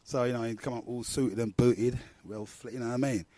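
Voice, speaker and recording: Rambling London man, mellow and dry. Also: mid-range voice, fairly even intonation, brisk, no echo. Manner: rambling, slangy storytelling. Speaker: radio talk show host. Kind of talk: casual monologue.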